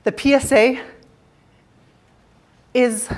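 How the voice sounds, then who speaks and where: Keynote speaker: Canadian woman, slightly high voice, playful, teases the crowd. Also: steady tone, drawn-out words. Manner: playful, jokey, teasing the audience. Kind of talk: motivational stage talk. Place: conference stage.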